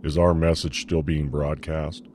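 Sci-fi audiobook: deep-voiced male narrator as a quiet, grim captain giving orders. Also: steady tone, normal speed, slight background noise. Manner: quiet, commanding.

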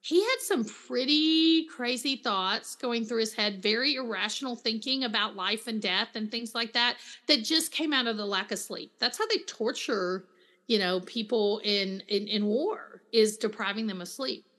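A middle-aged woman, a counselor and author, chatting as an interview guest and telling stories with lively quoted voices. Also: a little high, normal speed. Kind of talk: casual interview chat.

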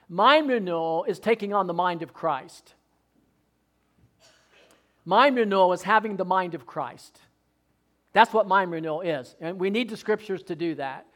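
High-voiced male preacher, fervent sermon delivery, loud exhortations broken by soft asides.

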